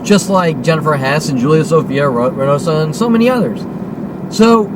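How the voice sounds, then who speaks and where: A man's voice: on the high side, expressive, a little fast, noisy background. A man of about fifty delivering a heated, accusatory monologue, swearing often and repeating himself. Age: 50s. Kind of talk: agitated monologue rant to camera.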